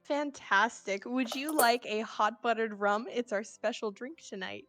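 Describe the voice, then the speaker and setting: A woman's voice: on the high side, unhurried, fairly bright tone, faint music behind. A woman playing a tabletop game, speaking in character as an eager, polite waitress and laughing often. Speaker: player.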